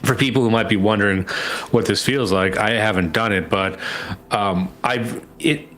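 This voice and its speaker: A man's voice: on the low side, moderate pace, a bit bright. A man co-hosting a political podcast, talking in a rambling, sardonic way with free swearing and reading out chat comments. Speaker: podcast co-host.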